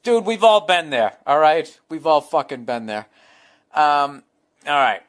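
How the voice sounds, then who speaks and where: A man's voice: fairly high pitch, unhurried. A middle-aged man hosting a podcast, reading fan letters and riffing bluntly with profane asides. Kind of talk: casual podcast monologue.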